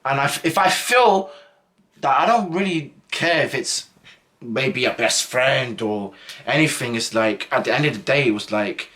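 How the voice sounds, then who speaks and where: A man's voice: mid-range voice, expressive, normal speed, bright, forceful tone. A young man telling a school story in a casual, rambling way full of slang and fillers. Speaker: vlogger.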